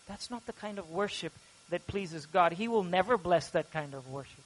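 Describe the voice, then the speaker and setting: A pastor delivering a sermon, a man with a notably high-pitched voice. He preaches earnestly, growing loud and animated when voicing prayers aloud. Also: moderate pace, rough recording.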